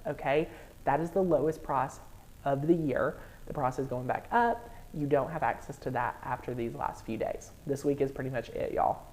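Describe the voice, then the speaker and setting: Guiding her audience step by step, a woman runs a live crafting software tutorial with bubbly, excitable energy. Her voice is deep.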